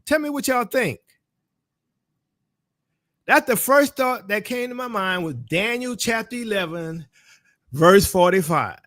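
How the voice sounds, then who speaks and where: A man's voice: sits high, lively intonation, measured pace, long pauses, a bit bright, no echo, studio quality. A man with a New Orleans accent giving religious commentary, preaching style, speaking straight to his audience. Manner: preacherly, calls on the audience directly. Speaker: ministry teacher.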